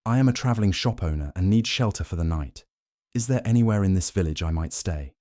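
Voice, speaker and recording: A man's voice: low-pitched, expressive, fast, dark tone, dry recording, clean studio sound. A man voicing a busy, restless male tea merchant in a sleep story, polite and businesslike.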